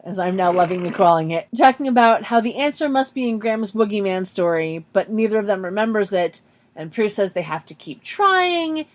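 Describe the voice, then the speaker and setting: A woman's voice: mid-range voice, animated, a little fast. A woman co-hosting a podcast, recapping an episode step by step in casual chat with dry asides. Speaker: podcast co-host.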